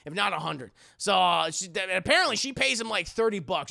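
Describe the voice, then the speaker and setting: Gravelly, bright-voiced male streamer. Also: high voice, brisk, dry recording, clean studio sound. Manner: animated, profane, talking to chat. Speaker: streamer and film reviewer. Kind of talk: casual live-stream movie recap.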